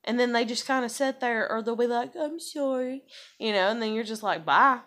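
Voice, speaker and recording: A woman rambles through a casual vlog chat. Her voice sits a little high, and she peppers every thought with "like," "you know" and plenty of cursing. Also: steady tone, fast talker. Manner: profane, rambling storyteller; heavy use of fillers "like" and "you know". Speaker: vlogger.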